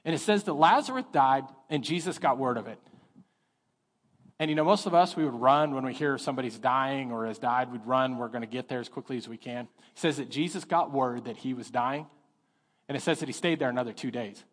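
Animated middle-aged pastor in a reverberant hall. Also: male voice, medium pitch, brisk. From Texas. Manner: animated storytelling, acting out voices. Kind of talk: sermon. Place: church sanctuary. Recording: long reverb of a church hall.

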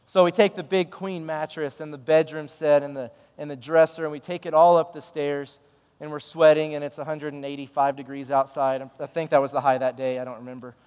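A man's voice: fairly high pitch, darkish tone, in a large hall. A male pastor giving a sermon, telling a story in a conversational, emphatic way.

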